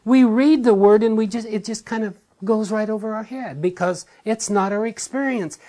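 A man's voice: high voice, darkish tone. Male preacher, earnest and emphatic, leans on repeated phrases to drive each point home in a sermon.

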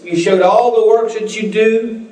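A man's voice: high voice, steady tone, unhurried, mellow. A man preaching a sermon and telling folksy stories, acting out the voices of the people in them. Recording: echoey room, voice picked up from a distance.

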